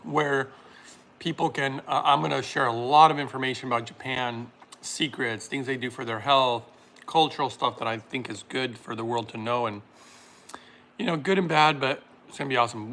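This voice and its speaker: Blending a smoothie during a relaxed livestream, a man reads viewers' comments out loud and laughs frequently. He speaks at a moderate pace in a mid-range voice with a bright, forceful tone.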